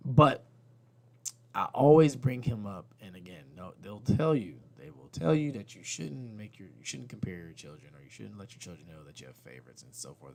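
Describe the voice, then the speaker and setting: A man's voice: lowish voice, sing-song, moderate pace. A man in his thirties hosting a podcast, telling candid, rambling stories about his kids with casual swearing. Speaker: podcast host. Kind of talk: comedic storytelling monologue.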